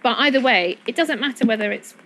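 A woman in casual chat, rambling quickly and laughing often. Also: on the high side, animated, a bit bright, a little hiss or hum, poor audio.

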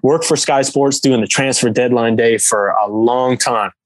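A man's voice: mid-range voice, steady tone, measured pace, dry recording, low-quality recording. A man from England, a professional hockey player guesting on a podcast, telling a story in a rambling way full of fillers. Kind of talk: casual storytelling.

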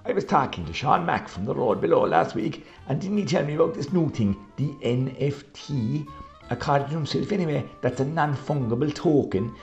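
A man's voice: on the high side, lively intonation, normal speed, creaky, a little mellow, muffled recording, soft background music. A man playing a folksy Irish countryman. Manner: folksy, rambling. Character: rambling rural Irish countryman.

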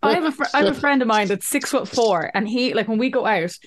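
A woman's voice: on the high side, lively intonation, quick pace. A woman hosting a podcast, chatting casually and laughing along with her guest. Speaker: podcast host. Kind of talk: casual interview chat.

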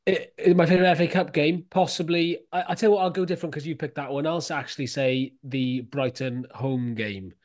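A man's voice: fairly high pitch, steady tone, brisk, hardly any pauses. A man hosting a casual football podcast, enthusiastic and teasing with his co-hosts. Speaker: podcast host. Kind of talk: casual chat.

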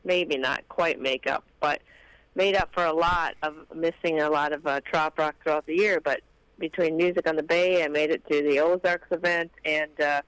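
Rambling woman with a smooth clear voice. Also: deep voice, fairly even intonation, moderate pace, fairly bright tone, no echo, poor audio. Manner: rambling, hesitant, many fillers. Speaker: guest co-host. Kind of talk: casual on-air chat.

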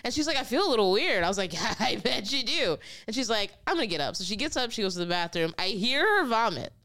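A young woman hosting a podcast, telling stories in a casual, animated way. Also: on the high side, fast talker. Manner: animated storytelling with laughs. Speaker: podcast host. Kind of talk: casual chat.

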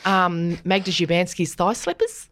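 A woman's voice: on the low side, a little slow, fairly bright tone, slight background noise. An Australian woman hosting a podcast in casual, chatty conversation, laughing often. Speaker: podcast host. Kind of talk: casual chat.

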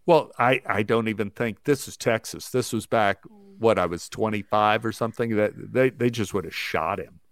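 A man, an actor, telling a story in a rapid, breathless way and acting out what people said. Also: fairly low pitch, clear, resonant tone, dry recording. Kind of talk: animated anecdote telling.

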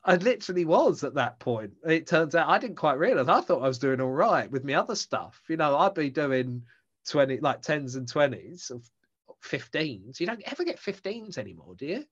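A man's voice: on the high side, sing-song, moderate pace, a bit bright, breathy edge. A man, a stand-up comedian chatting casually on a podcast and telling rambling, self-mocking stories. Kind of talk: casual chat between comedians. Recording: dull lo-fi sound.

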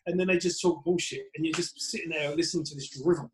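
A man with an Essex accent, a comedian telling lively stories in a casual podcast chat and acting out other people's voices. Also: fairly high pitch, fast talker, a little hiss or hum. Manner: animated storyteller, acts out other people's voices. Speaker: guest, stand-up comedian.

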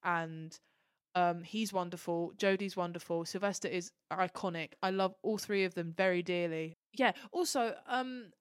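A woman's voice: medium pitch, no echo, studio quality. Gushing young woman podcast co-host. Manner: gushing, emotional storytelling. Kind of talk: casual chat.

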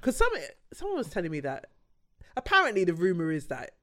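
A woman's voice: on the low side, huge pitch swings, brisk, a bit bright. A woman co-hosting a casual chat, laughing often and trailing off mid-sentence.

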